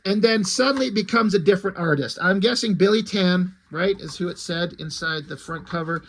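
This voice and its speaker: A man's voice: sits high, a little fast. A man reviewing comic books in casual, rambling talk, blunt and opinionated, swearing freely and trailing off into ums and asides.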